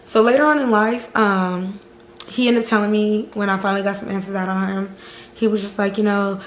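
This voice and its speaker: A woman's voice: medium pitch, fairly quick. Female storytime vlogger, casual and profane, mid-range voice, reverberant room. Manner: animated, profane, keeps addressing viewers as "y'all". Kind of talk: casual storytime chat to viewers. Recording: roomy echo.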